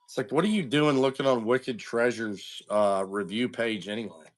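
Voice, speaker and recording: A man's voice: mid-range voice, normal speed. Chatty man hosting a card break stream. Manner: chatty, greets viewers, tells stories with asides. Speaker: card break livestream host. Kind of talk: casual livestream chat.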